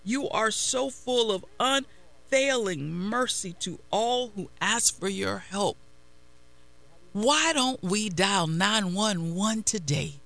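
A woman delivers a devotional sermon at an unhurried pace, leaning on each repeated phrase. Her voice is bright and edged, with a gravelly fry running under the words. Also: medium pitch. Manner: slow, deliberate, repeats phrases for emphasis. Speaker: preacher. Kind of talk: devotional sermon with scripture reading.

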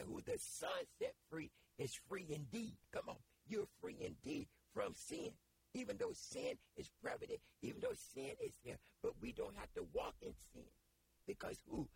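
A man's voice: very high voice, creaky, slight background noise. A man preaching a sermon with call-and-response urging and repeated phrases.

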